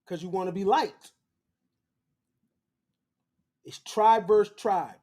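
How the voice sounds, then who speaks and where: High-voiced, blunt, slangy man. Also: moderate pace, warm tone. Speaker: host. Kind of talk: lecture-style commentary.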